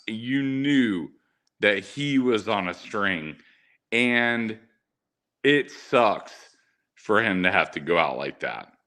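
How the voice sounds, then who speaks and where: Bright, low-voiced guest who hesitates. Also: male voice. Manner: hesitant, lots of fillers. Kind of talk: casual chat.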